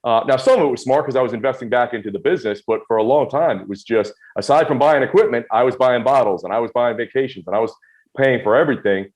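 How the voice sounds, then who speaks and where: A man in his forties telling his own story in an interview, quick, emphatic and self-deprecating. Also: mid-range voice, darkish tone. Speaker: guest.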